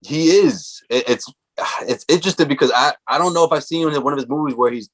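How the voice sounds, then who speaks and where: A man co-hosting a podcast in laid-back casual chat, slangy and quick to laugh. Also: medium pitch, a bit bright. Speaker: podcast co-host.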